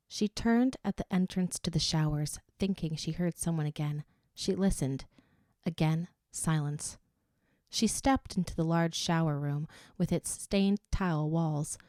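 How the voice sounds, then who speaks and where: A woman reading an audiobook, narrating in a steady, even way. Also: deep voice, dry recording, clean studio sound. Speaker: audiobook reader.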